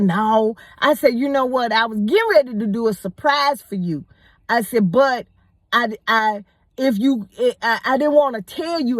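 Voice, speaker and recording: A woman telling a personal story in a casual, animated way, often repeating words as she goes. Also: a little high, no room sound. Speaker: storyteller host.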